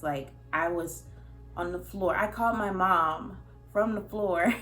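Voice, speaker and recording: A young woman speaking in a candid personal vlog. She is earnest and emotional, talking haltingly with frequent fillers and nervous laughs. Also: lowish voice, a bit bright. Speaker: vlogger.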